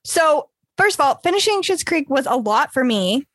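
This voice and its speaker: Young woman gabbing on a podcast, kinda high voice, dry close sound. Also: normal speed, dry recording. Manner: chatty, animated, lots of fillers and laughs. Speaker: podcast co-host. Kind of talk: casual chat.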